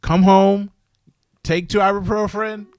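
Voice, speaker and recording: A man hosting a casual chat, telling stories in an animated, slangy way. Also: high voice, measured pace, smooth, dry recording. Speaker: podcast host, wrestling parent.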